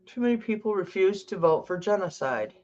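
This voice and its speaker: A woman's voice: medium pitch, lively intonation, a little fast, darkish tone, muffled recording. An older woman hosting a tarot livestream, chatting casually, reading out viewer comments and talking to her cat.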